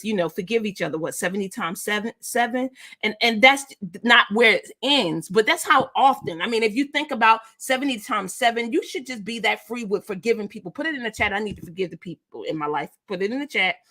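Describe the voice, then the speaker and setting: A middle-aged woman giving an energetic, preachy motivational talk as a business coach and speaking directly to her live chat. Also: mid-range voice.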